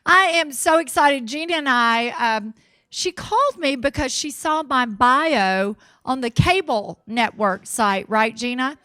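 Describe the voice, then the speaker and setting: A woman from Mississippi with a Southern accent, giving an energetic, folksy motivational keynote on a stage mic. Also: high voice, measured pace, no echo. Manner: energetic, folksy, cheering the crowd on. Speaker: motivational speaker. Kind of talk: keynote speech to a live audience.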